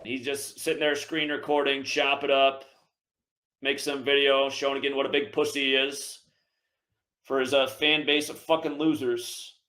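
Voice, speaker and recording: A man's voice: medium pitch, level tone, moderate pace, bright, forceful tone. A man hosting a call-in show, ranting angrily and cursing at his listeners. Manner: furious, cursing, insulting listeners. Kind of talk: angry profane rant.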